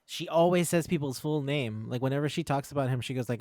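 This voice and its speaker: Man co-host, casual manga chat, animated and profane, acts out lines, dry booth sound. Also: medium pitch, quick pace, no echo. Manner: excitable, swears freely, acts out characters' lines. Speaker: podcast co-host.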